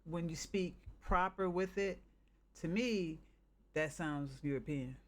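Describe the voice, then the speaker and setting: A man from the northern United States, chatting casually on a live stream and thinking out loud in a halting, rambling way. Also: on the high side.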